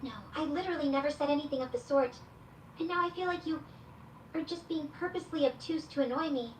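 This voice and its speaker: An exasperated female AI chatbot, voiced by a woman, talks in a fairly high voice, reading out her own stage directions before each reply. She plays through a speaker, and the sound reaches the mic from across an echoey room with faint room noise underneath. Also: steady tone, fairly quick, close to an everyday voice. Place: played through a speaker in a room, picked up by a security camera. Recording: echoey speaker audio caught from far off.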